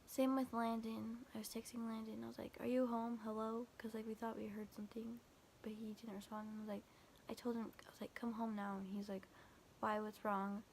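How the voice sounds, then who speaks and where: Barely pausing, a young woman vlogger recounts a scary night a little fast, her fairly high voice flat and edged with vocal fry. She quotes texts over and over with "I was like" and "he's like," rambling with fillers and restarts. A little hiss or hum runs behind.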